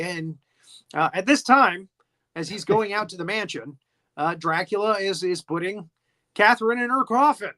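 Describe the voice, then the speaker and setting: A man's voice: high-pitched, lively intonation, normal speed, sharp tone. A man hosting a podcast, recapping an old film in a chatty, playful way with frequent giggles. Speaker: podcast host.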